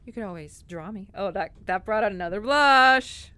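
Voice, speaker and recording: Woman game streamer, bright and playful, laughs often, loud outbursts. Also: medium pitch, sing-song, brisk, few pauses. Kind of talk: playing and reading a story game aloud.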